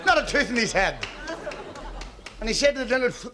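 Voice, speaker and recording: A man's voice: very high voice, very animated, fairly quick, a crowd in the background. A man telling a punchy joke on stage, on a noisy live recording. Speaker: stand-up comedian.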